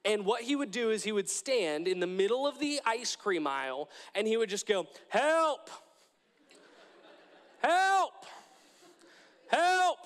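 Young male preacher, high-pitched, earnest and repetitive, large reverberant hall. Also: lively intonation, fairly quick, few pauses. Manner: earnest, repetitive, with frequent restarts. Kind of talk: sermon.

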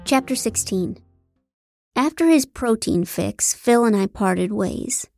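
Woman narrator, wry and deadpan, slightly high voice, dry studio recording. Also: slow pace, gravelly, no room sound, faint music behind. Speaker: audiobook narrator. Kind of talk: first-person comic novel narration.

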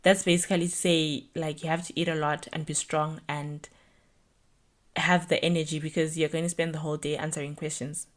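A young woman talks through a solo podcast episode. Her voice sits a little low for a woman, and she rambles in a chatty, reflective way, filling her sentences with "like" and "you know". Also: fairly quick. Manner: chatty, reflective, animated storytelling with lots of "like". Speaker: podcast host.

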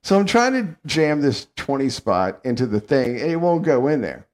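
A man from the Southern United States hosting a podcast, telling stories in a casual, animated way and laughing often. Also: medium pitch, moderate pace. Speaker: podcast host. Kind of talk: casual chat.

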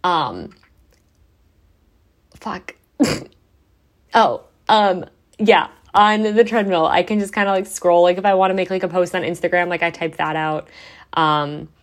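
A woman's voice: fairly low pitch, a little slow, long pauses. A young adult woman hosting a podcast, chatting casually and swearing now and then, with lots of "like". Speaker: podcast host.

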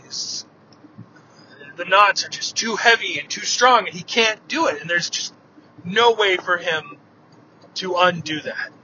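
A man retelling an old myth aloud in a relaxed, vivid storytelling manner. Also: high voice, unhurried, long pauses. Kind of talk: oral storytelling of myths. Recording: dull lo-fi with faint noise.

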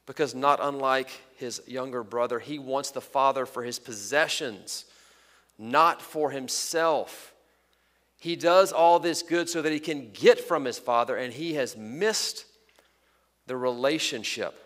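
A man preaching a sermon as pastor, earnest and emphatic, slowing down to stress key points. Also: mid-range voice, a bit bright, in a large hall.

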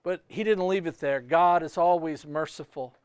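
A man preaching a sermon as pastor, emphatic, with big swings in pitch and loudness. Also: moderate pace, clean tone, no echo.

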